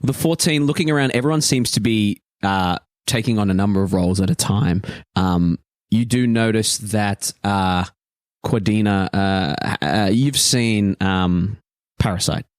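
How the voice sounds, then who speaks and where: A man's voice: on the low side, a little slow, dry recording, clean studio sound. A man narrating as game master of a tabletop role-playing game, often laughing while he describes scenes.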